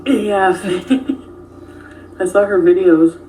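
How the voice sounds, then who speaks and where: A woman's voice: mid-range voice, very slow, dark tone, distant mic, a little hiss or hum, low-quality recording. A woman hosting a casual livestream, reacting to viewer comments and chatting with a co-host.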